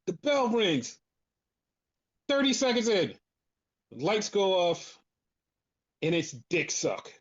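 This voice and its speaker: Brief: foul-mouthed co-host, animated rants, middle pitch, dull lo-fi mic. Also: takes it slowly, long pauses. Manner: profane, animated ranting. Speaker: podcast co-host. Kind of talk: casual chat.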